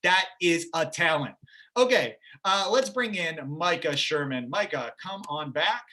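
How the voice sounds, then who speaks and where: Upbeat male host, high bright voice, chatty and joking on a video call. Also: animated, a little slow. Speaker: game show host. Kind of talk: livestream game show hosting.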